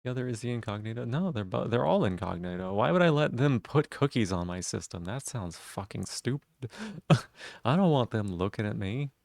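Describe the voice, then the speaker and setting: A man's voice: medium pitch, expressive, moderate pace, vocal fry, a little mellow, no room sound, studio quality. A man live-streaming, chatting casually with viewers in a teasing way and swearing freely.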